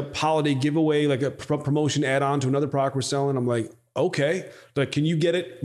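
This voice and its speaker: A man telling a story in a casual podcast interview, swearing freely and acting out what people said. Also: mid-range voice. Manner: animated storyteller, swears freely, acts out quotes. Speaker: podcast guest, company founder.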